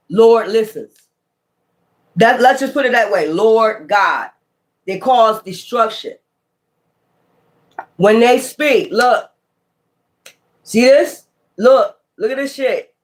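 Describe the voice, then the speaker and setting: Brief: a profane, animated tarot reader with a mid-pitched voice, talking through the cards. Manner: animated, profane, calls listener child. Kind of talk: casual tarot reading.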